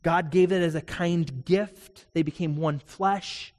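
A male pastor preaching a sermon earnestly, posing rhetorical questions to the congregation and slowing down on key phrases before leading a prayer. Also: on the high side, a little mellow. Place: church sanctuary. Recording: long reverb in a church hall.

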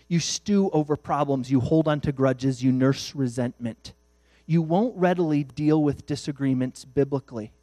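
A man preaching a sermon in an animated way, acting out little dialogues as he goes. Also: medium pitch, normal speed, no echo. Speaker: pastor.

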